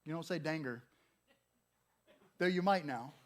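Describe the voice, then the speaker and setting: A man in his thirties delivers a sermon in a chatty, playful way. His voice sits a bit high for a man. He slips into little acted-out voices for people's thoughts. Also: normal speed. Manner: conversational and humorous, acts out quoted thoughts. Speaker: pastor.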